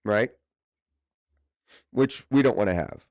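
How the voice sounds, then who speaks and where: A leadership coach runs a livestream training session, talking conversationally and repeating words for emphasis while nursing a stiff neck from poor sleep. His voice is fairly low, slow and darkish, recorded dry at studio quality.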